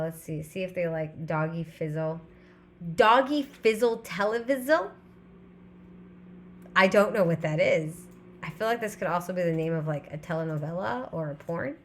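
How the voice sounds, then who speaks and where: A woman's voice: medium pitch, fairly bright tone. A woman in her thirties hosting a live stream, chatting casually and reading viewers' comments aloud. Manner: rambling, chatty, reads chat aloud. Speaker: livestream host.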